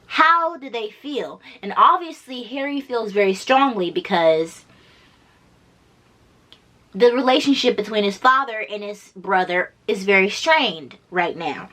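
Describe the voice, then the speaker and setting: A woman's voice: mid-range voice, lively intonation, measured pace, bright, forceful tone. A woman vlogger giving casual reaction commentary, blunt and emphatic, swearing freely and repeating her points.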